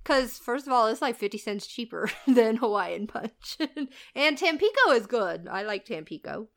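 A woman's voice: fairly high pitch, big pitch swings, normal speed, a bit bright. A woman in her thirties telling stories in casual chat, swearing freely and laughing often.

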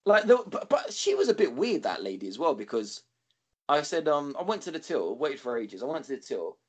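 Chatty male co-host; animated, sweary storyteller with a lively pitch. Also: a little fast, breathy edge. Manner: rambling, swears freely, animated quoting. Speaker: podcast co-host. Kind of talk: casual storytelling chat.

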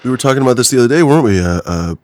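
A man's voice: medium pitch, expressive, rapid-fire, a little mellow, no room sound. A man hosting a casual online show, chatting in a rambling, conversational way. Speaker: podcast host. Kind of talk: casual chat.

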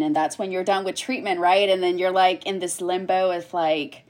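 A woman in her thirties with a slightly low-pitched voice chats on a casual podcast. She tells her stories in an animated way, laughing often and acting out what people said. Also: normal speed, hardly any pauses. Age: 30s. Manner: animated storyteller, laughs often, acts out quotes. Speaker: guest, cancer survivor.

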